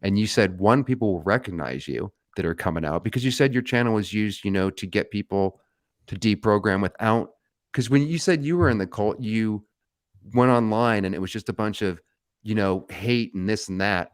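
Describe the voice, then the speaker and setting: A man's voice: lowish voice, moderate pace, dry recording, clean studio sound. A man co-hosting a casual live stream, talking bluntly and joking with the others. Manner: blunt, swears, jokes with co-hosts. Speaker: co-host.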